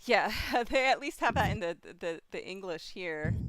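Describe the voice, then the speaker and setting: A woman co-hosting a casual unboxing chat, slowly sounding out foreign words and laughing along. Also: medium pitch, expressive, a bit bright. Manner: slow, halting, sounding out Japanese words with laughs. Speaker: co-host.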